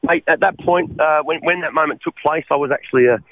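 A man's voice: on the high side, quick pace, dry recording. An Australian man telling his life story as a radio guest. He speaks earnestly, stumbles into repeated restarts and keeps calling the host mate. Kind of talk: personal testimony on radio. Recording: tinny dry phone line.

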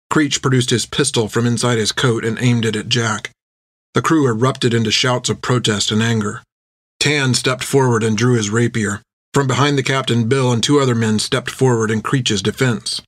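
A man reading a story aloud in steady, even narration on a close microphone. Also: medium pitch, moderate pace, no echo. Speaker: audiobook narrator.

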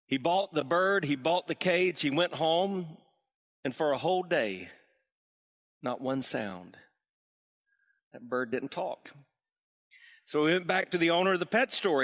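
Animated preacher man in a reverberant church. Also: fairly high pitch, measured pace, pauses often. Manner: warm storytelling, animated. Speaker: senior pastor. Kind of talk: sermon. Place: church sanctuary.

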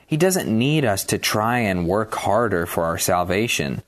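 A man reading a scripted closing announcement for a radio ministry, calm and measured. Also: fairly low pitch, no room sound.

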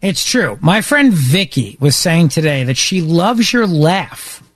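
A man's voice: fairly high pitch, very animated, slow, dry recording. A middle-aged man hosting a casual chat show, telling a family story with playful mimicry. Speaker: podcast host.

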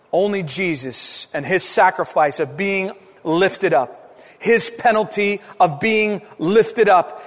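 Man preaching slowly in a reverberant hall. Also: high voice. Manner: impassioned preaching with sweeping rises and hushed drops. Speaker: pastor. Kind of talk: sermon.

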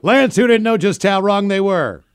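A man's voice: high-pitched, animated, normal speed, clean tone, dry recording. A man co-hosting a radio show, teasing and dry in casual chat. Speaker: radio co-host.

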